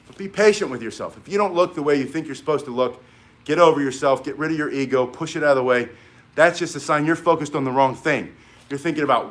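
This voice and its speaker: A man's voice: mid-range voice, brisk, a bit bright. A middle-aged man teaching a martial arts class in a casual, encouraging way, rambling with fillers and restarts.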